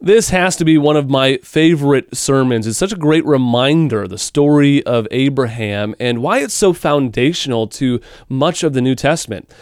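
A man's voice: mid-range voice, moderate pace, few pauses, smooth, dry recording, clean studio sound. A man hosting a radio program, reflecting on the sermon in a conversational way. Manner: warmly conversational, with small restarts. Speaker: radio host. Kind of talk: casual reflective commentary.

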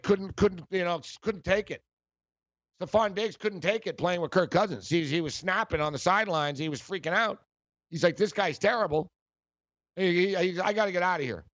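Heated, ranting sports talk host. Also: male voice, a little high, no room sound, muffled recording.

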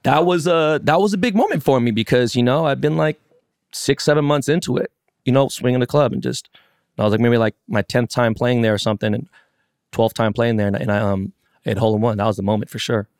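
A man co-hosting a podcast, telling a story with lots of swearing and excitement. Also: medium pitch, fairly quick, smooth, no room sound, clean studio sound. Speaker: podcast co-host. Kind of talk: casual chat.

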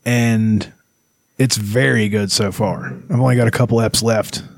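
A man's voice: lowish voice, fairly even intonation, measured pace, vocal fry, dry recording, studio quality. A man co-hosting a podcast in casual, profane, rambling chat. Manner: laid-back, profane, rambling. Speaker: podcast co-host.

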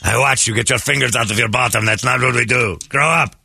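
A man's voice: medium pitch, quick pace, gravelly, pushed and bright, breathy edge, no echo, heavily acted. Man doing a scolding nosy live-in elf. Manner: scolding, nagging, bossy. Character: grown man playing a bossy live-in elf.

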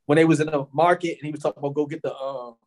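A man's voice: on the high side, rapid-fire. A man co-hosting a podcast in casual chat, telling stories and acting out what people said. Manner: animated storyteller, acts out what people said. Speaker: podcast co-host.

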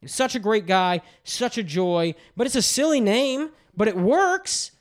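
Guy hosting a podcast, swoops all over in pitch, rants and swears a lot. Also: a little slow. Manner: animated, profane ranting. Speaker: podcast host. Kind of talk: casual podcast chat.

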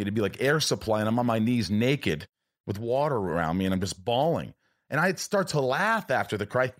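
A man hosting a candid casual chat, animated and blunt, swearing freely. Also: mid-range voice.

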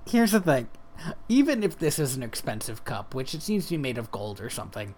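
A man's voice: medium pitch, sing-song, fairly quick, darkish tone, slight background noise. A man co-hosting a podcast, joking sarcastically about a movie and swearing casually. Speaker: podcast co-host. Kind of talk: casual chat reviewing a movie.

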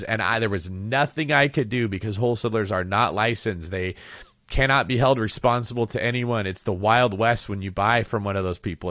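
Low-voiced man hosting a podcast. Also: fairly bright tone, dry recording. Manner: conversational, joking asides. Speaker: podcast host. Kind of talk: casual podcast advice talk.

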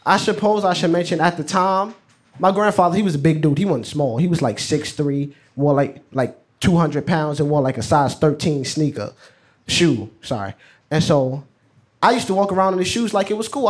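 A teenage boy tells a story from his own life on stage. His voice sits a bit higher than most men's, and he talks in a loose, slangy way, often laughing along with his own words. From New York. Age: teens. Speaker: student storyteller. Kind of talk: live personal storytelling.

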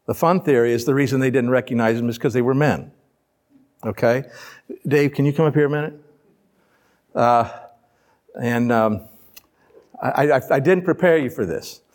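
In a church before a live congregation, a pastor preaches a sermon, reading scripture aloud and explaining it conversationally with rhetorical questions and playful asides. His mid-range voice is a little mellow, moves at normal speed, and pauses often.

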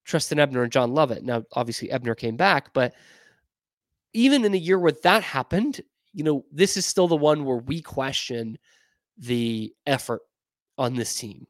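A man's voice: medium pitch, moderate pace, no echo, clean studio sound. A man hosting a sports talk show, giving frank, opinionated commentary with emphatic delivery and playful wordplay.

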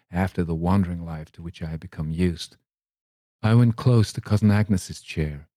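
Deep-voiced man reading a story. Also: dark tone, dry recording, clean studio sound. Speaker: story reader. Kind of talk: scripted narration.

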